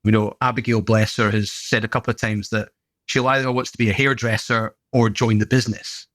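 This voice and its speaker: A man's voice: fairly low pitch, level tone, a little fast, fairly bright tone, no room sound. A middle-aged British man and gym owner, telling stories in a chatty, good-humoured way as a podcast guest. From Britain. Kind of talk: casual anecdotal conversation.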